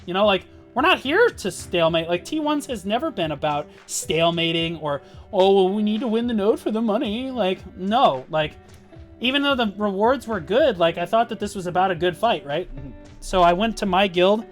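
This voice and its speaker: A gaming guild leader tells a story on a live stream in a heated, swearing rant. The voice sits at an ordinary middle pitch and the words tumble out full of "like" and "um". Faint guitar music plays quietly behind. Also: animated, normal speed. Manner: profane, heated and emphatic, with frequent "like" and "um".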